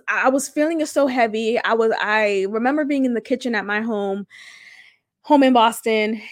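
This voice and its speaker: A woman with a fairly high voice talks straight into a close mic in a dry, deadened room. She hosts a podcast and shares a personal story in a candid, emotional, rambling way. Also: no echo. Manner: candid, emotional, conversational with many fillers. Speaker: podcast host.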